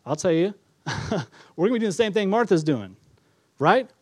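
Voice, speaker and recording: Man, pastor, sermon, fairly high-pitched, dry close sound, acts out little quotes. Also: sing-song, a little fast, darkish tone, no room sound. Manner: conversational preaching, acts out quotes, chuckles.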